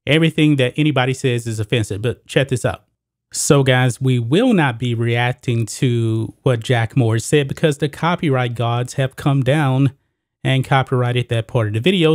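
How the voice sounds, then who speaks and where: A man's voice: medium pitch, darkish tone, no room sound, clean studio sound. A man hosting a solo sports commentary show, talking casually to his viewers as guys and folks.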